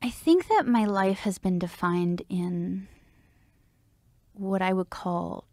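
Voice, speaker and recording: A woman's voice: medium pitch, slow pace, darkish tone, dry recording. A woman, a singer-songwriter and interview guest, talking frankly and reflectively with casual swearing and frequent laughs. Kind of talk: candid emotional interview.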